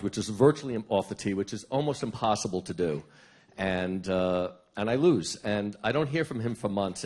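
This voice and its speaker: A man's voice: lowish voice, a little mellow. A middle-aged man being interviewed at a conference, telling stop-start, self-deprecating anecdotes. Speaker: interview guest. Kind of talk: storytelling at a conference.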